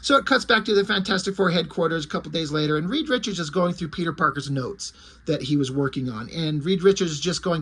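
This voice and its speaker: A man's voice: on the high side, fast, slightly rough. A man casually recapping a comic book story, rambling with asides along the way. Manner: rambling and conversational, with asides and fillers.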